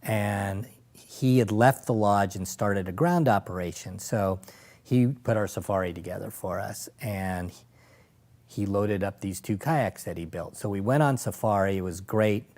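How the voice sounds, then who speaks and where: Low-voiced man telling animated stories. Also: unhurried. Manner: animated storyteller, acts out voices and laughs. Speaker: guest, safari operator and former lawyer. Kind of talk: anecdotal storytelling in conversation.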